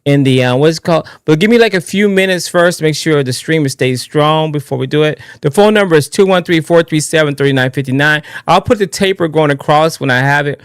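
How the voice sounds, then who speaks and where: A man hosting his own live political talk stream in a casual, excitable, rambling way, often restarting his sentences. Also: on the high side, fairly quick, few pauses, clear, resonant tone, dry recording, studio quality. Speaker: livestream political show host.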